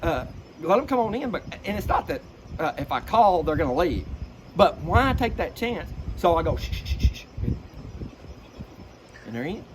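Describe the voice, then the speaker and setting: Man, middle-aged, folksy, animated, duck-call imitations, noisy recording. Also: fairly high pitch, normal speed. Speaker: duck-calling expert. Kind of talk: casual explanatory chat with vocal demonstrations. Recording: noisy background.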